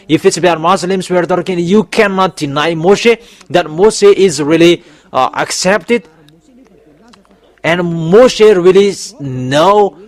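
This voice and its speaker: Emphatic preacher man, higher voice. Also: no echo. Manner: emphatic, often rising to loud exhortations. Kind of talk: sermon.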